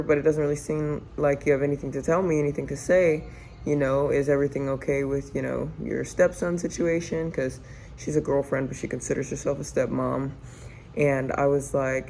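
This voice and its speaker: Young adult female vlogger: creaky, mellow voice, chatty storytime delivery from her home kitchen. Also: extremely low pitch, flat delivery, brisk, a little hiss or hum, low-quality recording. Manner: chatty, rambling, filler-heavy. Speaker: family vlogger. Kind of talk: casual storytime chat. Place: home kitchen while cooking.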